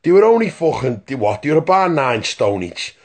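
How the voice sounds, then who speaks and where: A man's voice: medium pitch, sing-song, brisk. A man telling a rambling, profane story in a phone voice message, stopping often to ask "right?". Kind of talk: casual voice-note anecdote.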